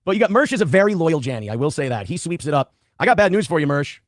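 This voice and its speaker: High, lively man with sarcastic delivery. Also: racing, no room sound, clean studio sound. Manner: sarcastic, mocking mimicry. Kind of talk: commentary in a played clip.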